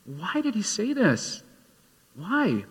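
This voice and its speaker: A man's voice: high voice, wildly swooping pitch, takes it slowly, husky. A man preaching a sermon as pastor, telling a story and then urging his listeners with rising emphasis. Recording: long hall reverb.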